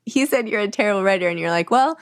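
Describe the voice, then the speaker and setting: A woman hosting an author interview, friendly and quick to laugh, who sometimes reads short passages aloud. Her voice sits at a middle pitch for a woman, and the sound is dry with no room echo. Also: clear, resonant tone. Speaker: podcast host. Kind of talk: interview conversation.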